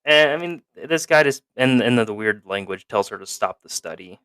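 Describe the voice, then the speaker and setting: A man on a close podcast mic, chatting loosely and swearing freely as he recaps a movie. His voice is bright and crisp, and the sound is dry with no room around it. He keeps breaking into laughs and acting out characters. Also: medium pitch, lively intonation, no echo. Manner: rambling, laughing, quick to act out characters. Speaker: podcast co-host recapping a film. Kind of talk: casual profane chat.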